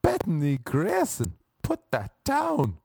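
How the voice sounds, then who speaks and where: Brief: a man putting on a shrill, sing-song scolding American mother calling after her toddler. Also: wildly swooping pitch, slow, gravelly, darkish tone, husky, dry recording, studio quality, full character voice.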